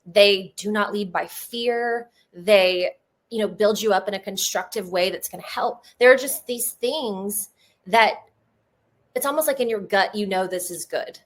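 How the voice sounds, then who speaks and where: A medium-pitched woman, a guest in a casual interview, tells personal stories earnestly and emotionally. Her speech comes in a fast flow full of fillers.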